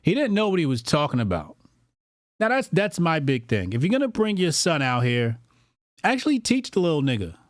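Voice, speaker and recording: A man's voice: fairly high pitch, huge pitch swings, a little fast, dry recording, clean studio sound. A man hosting a political commentary livestream, talking bluntly and profanely and reading out viewer donations. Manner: blunt and profane, with lots of repetition.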